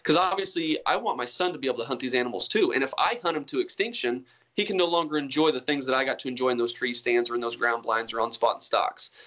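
A man's voice: mid-range voice, fast, bright, forceful tone, lo-fi sound. A man being interviewed about hunting, talking in an earnest, rambling way with many restarts. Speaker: hunter guest. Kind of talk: casual interview talk.

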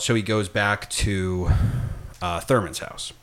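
A man's voice: lowish voice, normal speed, a bit bright. Laid-back man swearing through a film recap. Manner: laughing, swearing, acting out lines from scenes. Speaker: podcast host. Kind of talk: casual chat recapping a film.

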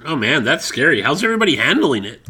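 A man hosting a comedy podcast with goofy, eager in-character banter. His voice is bright and a little husky, and his pitch swings widely and bounces around. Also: very animated, fast talker.

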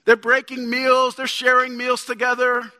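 High-voiced, bright-toned preaching man in a hall. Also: monotone, moderate pace. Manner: conversational preaching, rising to emphatic peaks. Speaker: pastor. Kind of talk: sermon. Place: church sanctuary. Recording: long church hall reverb.

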